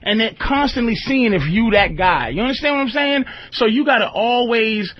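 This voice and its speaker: A man's voice: very high-pitched, animated, normal speed, lo-fi sound. A man hosting a radio talk show, talking casually in a rambling, emphatic way and often checking that the listener follows. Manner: rambling, emphatic, often asks "you understand".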